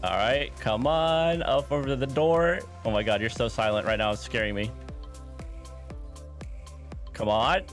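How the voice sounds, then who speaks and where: A man's voice: medium pitch, animated, measured pace, long pauses, faint music behind. A young man narrating his own video game run aloud, groaning and laughing at his mistakes. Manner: play-by-play self-commentary, groaning and laughing at mistakes. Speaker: gaming co-host. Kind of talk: excited gaming banter.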